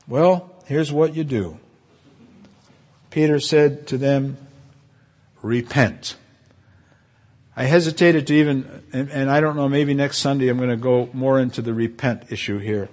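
A man preaching a sermon as pastor, fervent and emotional, with his voice climbing high at moments of feeling. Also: fairly even intonation, normal speed, darkish tone.

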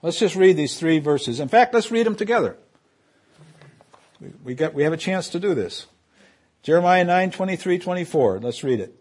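A man preaching a sermon to his congregation, building loud on key phrases, dropping to quiet asides and leading call and response. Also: fairly high pitch, expressive, moderate pace, long pauses. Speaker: pastor.

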